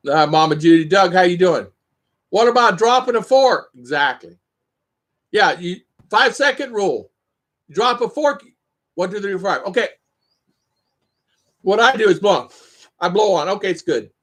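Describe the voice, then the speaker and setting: A man's voice: high voice, a bit bright. An older man, hosting a casual livestream chat and thanking viewers by name. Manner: chatty, rambling, lots of thank-yous and fillers. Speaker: livestream host.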